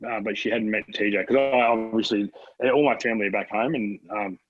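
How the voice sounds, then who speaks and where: A man in his thirties with an Australian accent, telling stories in a relaxed podcast chat, swearing freely and laughing often. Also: on the low side, a little fast, no room sound, lo-fi sound, soft background music. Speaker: podcast guest. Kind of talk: casual chat.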